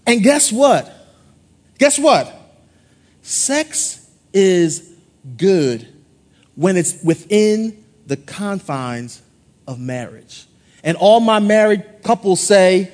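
A middle-aged male pastor, preaching a playful call-and-response sermon in a husky voice. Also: high voice.

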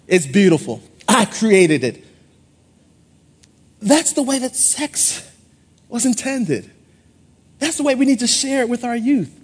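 A middle-aged male pastor, preaching a playful call-and-response sermon in a husky voice. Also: extremely high pitch, sing-song, takes it slowly, long pauses.

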